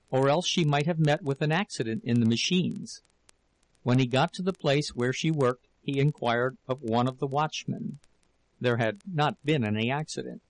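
A male audiobook narrator with a gravelly, mid-pitched voice. He tells the story at a steady, measured pace, and the recording is close and dry with no room sound. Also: no echo, low-quality recording. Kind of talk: audiobook reading.

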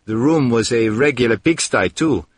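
A man narrating a story in an expressive reading, with heated outbursts in the dialogue. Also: medium pitch, normal speed, slightly rough, no room sound. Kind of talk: audiobook narration.

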